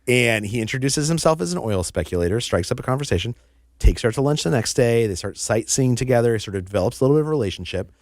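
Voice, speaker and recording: A man appearing as an author guest in an interview, telling a story with animated energy and often repeating words as he goes. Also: mid-range voice, fast talker, no echo, studio quality.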